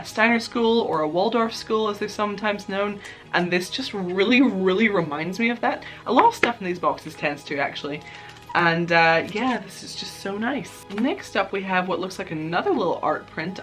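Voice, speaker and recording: A young woman vlogger chatting casually through an unboxing, excitable and gushing, with lots of fillers. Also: mid-range voice.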